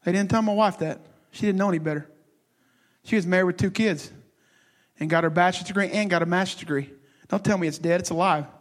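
A man preaching a sermon with passion, swinging between loud bursts and hushed, halting asides. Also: sits high. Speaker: pastor.

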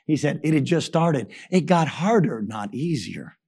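Emphatic gravelly-voiced male preacher. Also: animated, a little slow. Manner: emphatic preaching, repeated call-and-response "Amen?"; rises to shouts for emphasis, drops low and soft. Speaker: pastor. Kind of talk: sermon.

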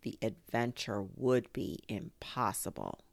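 A woman's voice: very deep voice, big pitch swings, creaky, no room sound, pitched below the performer's own voice, heavily acted. A woman reading aloud and voicing a bossy, self-important male rabbit who gives orders in a condescending tone. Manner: brisk, commanding, condescending.

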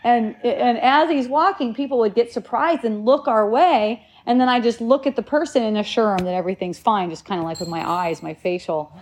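A woman in her forties tells a casual, animated story, laughing often and restarting her sentences as she goes. Her voice sits a little high. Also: fairly quick, hardly any pauses. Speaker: parent sharing a story.

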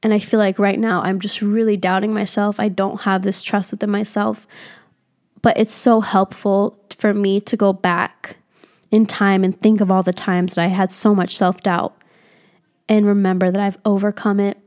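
A woman's voice: mid-range voice, level tone, normal speed, darkish tone. Brief: young woman, solo podcast host, frank and foul-mouthed, self-reflective pep talk, mid-range voice. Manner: candid and heavily profane. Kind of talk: casual solo podcast monologue.

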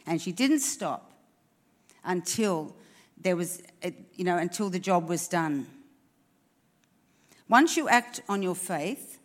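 A woman preacher giving an earnest, encouraging sermon at a church service, asking the congregation questions. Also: medium pitch.

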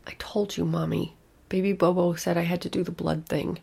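A woman voicing a frightened, tearful five-year-old girl who pleads in a breathy, whispery voice. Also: lowish voice, flat delivery, fairly quick, darkish tone, full character voice. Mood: pleading.

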